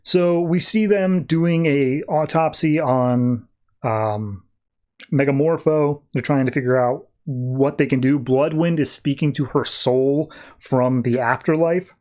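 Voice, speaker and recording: A man's voice: medium pitch, slow, a little mellow. A man hosting a podcast, loosely recapping comic book plots in casual chat, full of filler words. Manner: loose and rambling, heavy on "like" and "uh" fillers. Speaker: podcast host.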